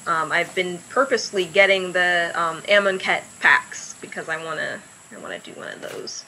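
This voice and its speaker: Young woman streaming a card game, talks it through, bright voice, faint hiss behind. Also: lowish voice, expressive, moderate pace, low-quality recording. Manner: chatty, thinks aloud while playing. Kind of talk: casual gameplay commentary.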